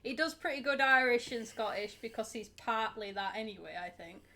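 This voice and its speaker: A woman's voice: fairly high pitch, a little fast, sharp tone. A woman from England chatting casually as a podcast co-host, talkative with many fillers. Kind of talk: casual chat.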